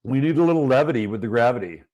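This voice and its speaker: A man's voice: medium pitch, expressive, racing, a little mellow, muffled recording. Male livestream host, mid-range voice, loose and chatty, greets the chat. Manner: chatty, greets viewers by name.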